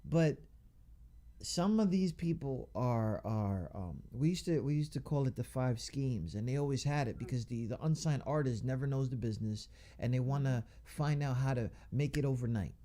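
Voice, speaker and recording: A radio show host conducts a casual interview in a dark-toned, medium-pitched voice at normal speed. He talks loosely with slang, laughs a lot, and often starts his sentences over.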